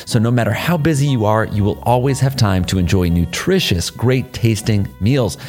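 A man's voice: medium pitch, darkish tone. Man reading a sponsor ad. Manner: brisk promotional delivery. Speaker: podcast host reading ads. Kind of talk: read sponsor ad.

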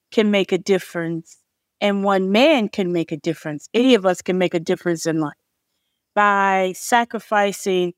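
A woman's voice: medium pitch, no echo. Woman, author guest, effusive, emotional, dry close sound. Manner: effusive, tearful gratitude. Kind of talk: emotional podcast interview.

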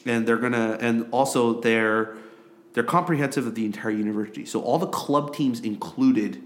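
A man's voice: mid-range voice, normal speed. A young man who grew up in Korea, co-hosting a casual sports podcast, rambling with lots of fillers and repeated phrases. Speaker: podcast co-host.

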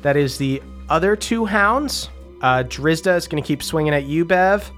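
A man running a tabletop game as game master, quick and animated and often breaking into laughs. His voice sits a little high, with faint music behind him.

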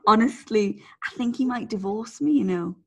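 Female co-host; chatty, self-deprecating, husky voice, slightly high. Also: lively intonation, moderate pace. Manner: chatty, self-mocking, giggly. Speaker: podcast co-host. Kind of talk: casual chat.

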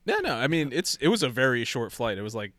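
A man tells a rambling story in easy, casual chat, slipping into quoted voices and breaking into laughter. His voice sits in a middle pitch. The sound is dry and close. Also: quick pace, no room sound. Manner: animated, acts out quoted voices, laughs often.

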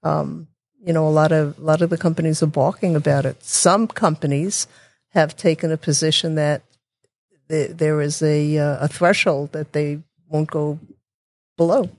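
A woman talking as a guest in a casual interview, chatty and quick to restart her sentences, with sarcastic asides. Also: sits low, fairly even intonation, a little mellow, no room sound, studio quality. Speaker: guest, technology consultant.

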